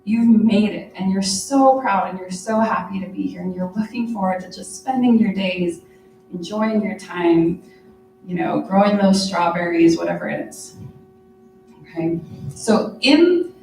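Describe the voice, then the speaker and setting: A woman's voice: medium pitch, lively intonation, measured pace, vocal fry, a little mellow, slight background noise. A woman gives a workshop talk in a conference room, talking easily and checking in with the audience as she goes. Her voice sits in the middle range. The recording picks her up from across a reverberant room. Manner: conversational, checks in with frequent "right?" and "okay?". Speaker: workshop presenter. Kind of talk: lecture to a live audience. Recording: echoey room, mic far off.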